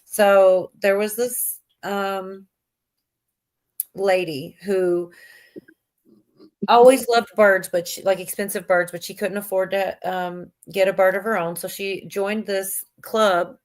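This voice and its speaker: A woman's voice: medium pitch, steady tone, slow. A middle-aged woman hosting a livestream, telling a corny joke in a rambling, giggly way. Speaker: livestream host. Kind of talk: casual chat, telling a joke.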